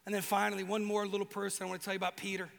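High-voiced, animated preaching man. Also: very fast, gravelly. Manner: animated, joking, acts out voices. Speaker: pastor. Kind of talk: sermon. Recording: long hall reverb.

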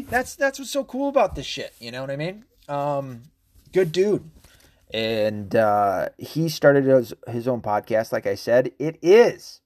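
A man hosting a casual solo podcast. He rambles, swears often and fills his talk with ums, uhs and quick laughs. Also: medium pitch, darkish tone, no echo, clean studio sound. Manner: rambling and profane, with frequent fillers and laughs. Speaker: podcast host.

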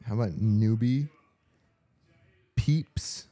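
A young man co-hosting a casual podcast chat, reacting with quick questions and slang. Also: lowish voice, warm tone, no echo. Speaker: podcast co-host.

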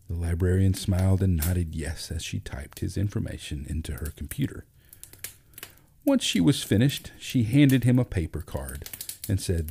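Man, narrator, low mellow voice, measured storybook reading. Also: animated, creaky, husky.

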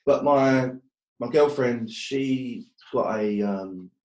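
A man's voice: mid-range voice, slow pace, a little mellow, echoey room. A man telling his story as a guest, blunt and swearing often, joking about hard times. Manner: blunt, swears a lot, jokes about hardship. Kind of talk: casual storytelling.

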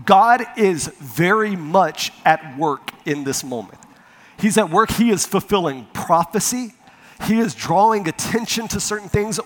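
A man preaching a sermon, telling a personal story with lively acted-out quotes before turning to scripture. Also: a little high. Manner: animated storyteller, acts out quotes. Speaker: pastor. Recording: reverberant hall.

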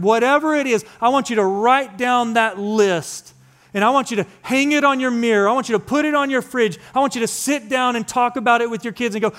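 With a very high voice and a slightly fast pace, a pastor in his thirties preaches a sermon. His repetitive cadence moves from soft, intimate stretches to loud, urgent bursts.

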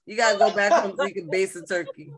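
A woman's voice: medium pitch, fast talker, husky. A woman, co-hosting a podcast and teasing her friend with laughing banter. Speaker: podcast co-host. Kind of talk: casual chat.

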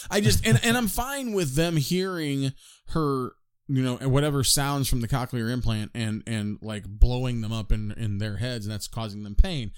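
A man co-hosting a movie podcast, talking in a relaxed and wry way. His voice sits at a medium pitch, and he often turns to address the listeners. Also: unhurried, clear, resonant tone. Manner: conversational, wry, asks listeners for input. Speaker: podcast co-host. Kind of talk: casual chat.

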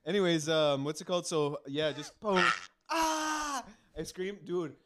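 A man's voice: a little high, normal speed, very noisy. Rambling, swearing male podcast co-host. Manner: rambling storyteller, heavy swearing, many restarts. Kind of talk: casual podcast chat.

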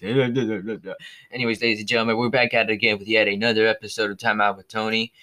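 A man's voice: lowish voice, flat delivery, brisk, bright, forceful tone. A man hosting his own movie review show, chatting casually, rambling, losing his train of thought and cursing often.

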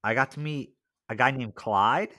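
A man's voice: mid-range voice, normal speed, bright, forceful tone. A man co-hosting a casual podcast, telling a story in a chatty way, full of "like" and "right?". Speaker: podcast co-host.

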